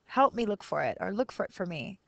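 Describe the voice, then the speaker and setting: Woman teacher, 30s, mid-pitched, patient explainer, dry close recording. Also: sing-song, fairly quick, vocal fry, dry recording. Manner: switches between Spanish and English explanations, counting syllables aloud; patient, explanatory, thinks aloud with fillers. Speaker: Spanish teacher. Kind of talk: classroom video lesson.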